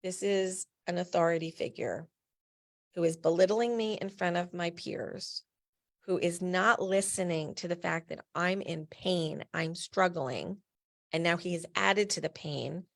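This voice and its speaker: Middle-aged woman, from New Jersey, low gravelly voice, candid personal storytelling, emphatic. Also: a little slow. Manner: candid and emphatic, with blunt asides. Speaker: patient advocate and founder.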